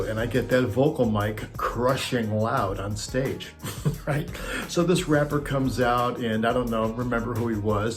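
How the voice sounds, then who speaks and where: Laughing, profane man telling road stories. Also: medium pitch. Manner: laughs often, profane, animated retelling. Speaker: former monitor technician telling road stories. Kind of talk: casual storytelling.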